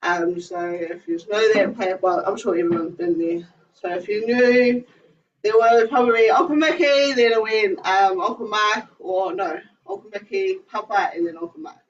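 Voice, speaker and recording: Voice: mid-range voice, fairly even intonation, normal speed. A speaker giving a hesitant family tribute, full of fillers. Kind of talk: informal memorial speech. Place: indoor family gathering. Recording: distant, muffled, faint hiss.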